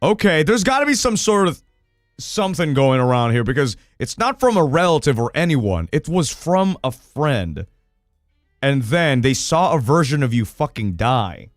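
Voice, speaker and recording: Lively, excitable male streamer. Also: medium pitch, no room sound, studio quality. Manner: excitable, swears a lot, laughs often. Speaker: streamer host. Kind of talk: reading viewers' horror stories on a livestream.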